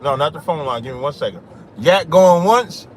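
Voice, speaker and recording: A man's voice: a little high, animated, moderate pace, a little hiss or hum. A man hosting a call-in livestream, reading scripture aloud and talking over interrupting callers. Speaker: livestream host.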